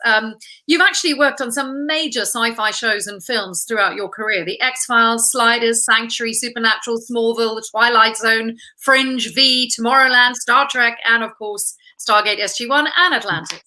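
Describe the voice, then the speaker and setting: Female host, fairly high and bright voice, upbeat interviewer. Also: moderate pace. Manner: warm, encouraging, laughs along. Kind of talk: interview talk.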